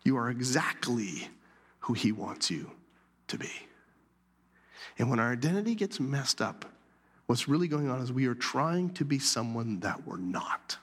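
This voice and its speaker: Man, pastor, sermon, animated with hushed asides, church sanctuary, long hall echo. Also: medium pitch, unhurried, pauses often, breathy edge. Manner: animated, dropping to soft whispers for emphasis.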